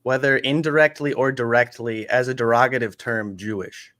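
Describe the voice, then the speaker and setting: A male guest in casual chat, telling his story in a relaxed way with mild swearing. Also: mid-range voice, normal speed, no echo.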